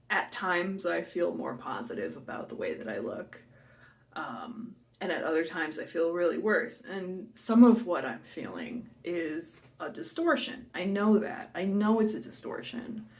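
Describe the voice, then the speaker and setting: A young woman speaks candidly to her camera at home in a confessional vlog. Her voice sits low with a gravelly fry, and her speech is halting, with restarts and moments of tearful breathlessness. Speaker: vlogger. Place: home, kitchen and living room.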